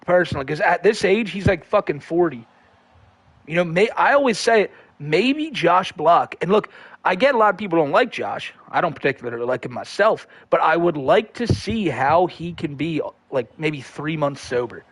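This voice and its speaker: A man's voice: fairly high pitch, expressive, moderate pace, a bit bright, no echo. A man hosting a livestream, reading viewer comments in a rambling, profane, laid-back way. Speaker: livestream host.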